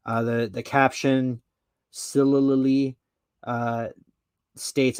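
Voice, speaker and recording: Man, podcast host, mid-pitched, rambling, swears a lot, dry close sound. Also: fairly even intonation, a little slow, a little mellow, no room sound. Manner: profane, rambling, full of fillers and asides. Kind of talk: casual commentary, reading an article aloud.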